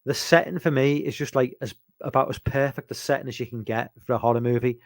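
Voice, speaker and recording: A man's voice: medium pitch, steady tone, fast talker, dry recording. A man from England chatting casually about horror films, rambling and hesitant, with lots of ums and restarts. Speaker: podcast host.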